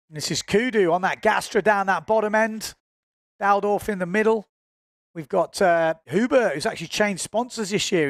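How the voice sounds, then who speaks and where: A man's voice: sits high, no echo, clean studio sound. A man giving chatty, informal live commentary on a windsurfing race, often correcting himself as he goes.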